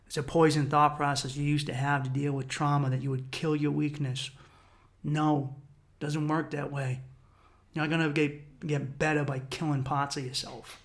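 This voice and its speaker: A man's voice: fairly high pitch, little pitch movement, normal speed. A man in his thirties hosting a solo podcast, telling a personal story in an intense, profane way and acting out his own inner voices. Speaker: podcast host.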